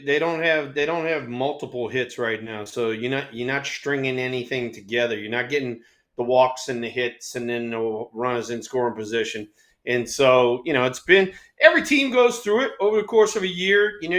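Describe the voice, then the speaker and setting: A man's voice: medium pitch, fairly bright tone, echoey room. Rambling man in his sixties, baseball storyteller. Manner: rambling storyteller, lots of "you know". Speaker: former ballplayer co-host. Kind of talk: casual sports chat.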